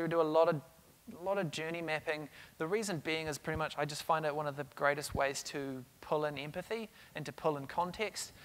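A middle-aged man delivers a keynote to a conference crowd. His voice sits slightly high for a man, and he tells stories with energy, often doubling back on his words. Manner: energetic storytelling with frequent restarts. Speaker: conference speaker. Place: conference stage.

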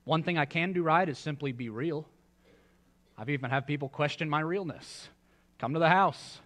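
A man's voice: a little high, normal speed, fairly bright tone. A male pastor preaching a sermon in a church, in a conversational style with joking asides to the congregation. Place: church sanctuary.

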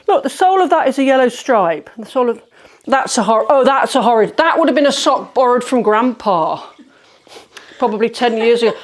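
A woman's voice: fairly high pitch, lively intonation, a little fast. A middle-aged woman, chatting through a declutter vlog as she sorts socks in her bedroom, exclamatory and self-mocking. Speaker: home organising vlogger. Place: bedroom, sorting socks on a bed.

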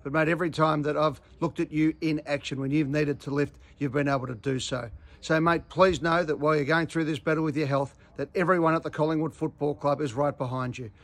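Higher-voiced, rousing Australian man. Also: steady tone, fairly quick, few pauses. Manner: rousing, assured. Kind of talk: recorded video message.

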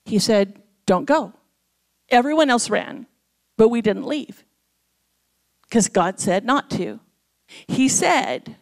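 A middle-aged woman preaches a sermon as guest speaker in a church. Her voice sits a little high. She tells stories with animation and acts out the voices of the people in them. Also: lively intonation, slow, long pauses. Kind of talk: sermon storytelling.

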